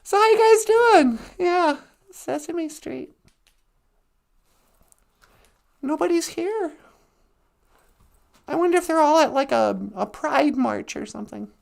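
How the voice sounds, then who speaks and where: A man's voice: very high voice, lively intonation, unhurried, vocal fry, exaggerated voice. A man playing a rambling woman livestreamer who giggles and makes crude jokes in a comedy sketch. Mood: chatty.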